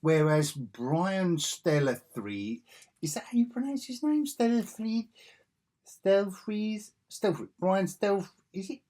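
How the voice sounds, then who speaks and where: A man who collects comics and vlogs about it flips through old comic magazines, musing aloud in a rambling, casual way. His voice sits on the high side and is a little mellow, very animated, and he takes it slowly.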